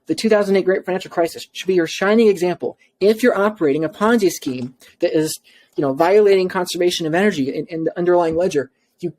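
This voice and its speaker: A man, an adviser, delivering an impassioned monologue, emphatic and repeating himself with quick restarts. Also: on the high side, darkish tone. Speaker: bitcoin adviser.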